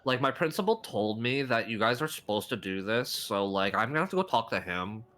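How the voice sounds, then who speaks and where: A man's voice: medium pitch, expressive, fairly quick, sharp tone. A man voicing a ditzy young valley girl customer who fills every phrase with "like". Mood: indignant. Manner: airy, full of "like" fillers.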